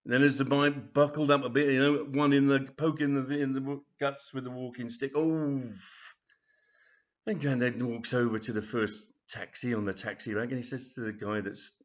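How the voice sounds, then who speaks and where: A man's voice: medium pitch, level tone, brisk, hardly any pauses, lo-fi sound. A man telling a comic story in a rambling, chatty way with many fillers. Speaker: author reading his story. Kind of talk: storytelling reading.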